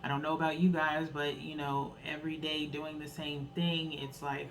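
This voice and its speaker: A tarot reader with a low, level voice speaks a little slowly with hardly any pauses, over slight background noise on a rough recording. Her reading is casual and earnest, encouraging listeners and ending phrases with a questioning "okay?" in a loose, rambling delivery with restarts.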